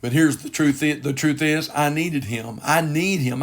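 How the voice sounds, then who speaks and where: Earnest pastor, slightly high. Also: male voice, moderate pace, few pauses. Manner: earnest, repetitive preaching with a gentle chuckle. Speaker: pastor and broadcast host. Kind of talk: devotional broadcast sermon.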